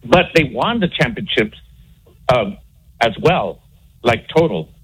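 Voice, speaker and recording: A man calling into a sports radio show, explaining a point in a halting, hesitant way. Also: medium pitch, sing-song, slight background noise, poor audio. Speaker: caller. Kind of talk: call-in radio chat.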